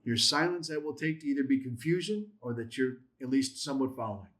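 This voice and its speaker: A man teaching a Hebrew grammar class at a church, stressing key words with sudden loud and soft swings and acting out quoted lines. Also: expressive, fast. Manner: acts out quotes with rising pitch.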